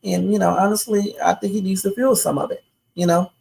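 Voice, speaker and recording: A woman's voice: mid-range voice, fairly even intonation, fairly quick, vocal fry, mellow, poor audio. A woman hosting a live reaction stream, giving her opinions in a chatty, outspoken way and talking to viewers. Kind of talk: casual live reaction commentary.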